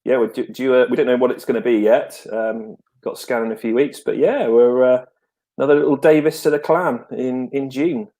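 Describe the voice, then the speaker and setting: A man in his thirties co-hosting a live show, relaxed and self-mocking with lots of hesitant fillers. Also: medium pitch, fairly quick. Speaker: co-host. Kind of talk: casual live show chat.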